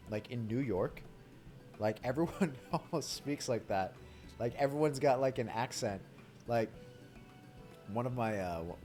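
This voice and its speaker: A young male streamer talking loosely over the game, his voice sitting a bit low. He rambles and jokes with a steady stream of "like" and crude asides. Game music plays clearly behind him. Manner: rambling and joking, heavy use of "like", crude humor. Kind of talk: casual live-stream chat while reading game dialogue.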